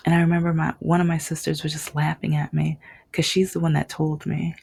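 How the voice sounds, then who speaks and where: A woman's voice: sits low, flat delivery, a little fast, creaky, darkish tone, husky, dry recording. A young woman telling a personal story, rambling with restarts and dropping to a whisper at tender moments. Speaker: vlogger.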